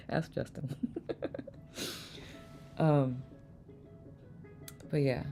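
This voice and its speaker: A woman's voice: very deep voice, creaky, dark tone. A woman hosting a live online chat, reading viewers' messages aloud and laughing often. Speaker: host.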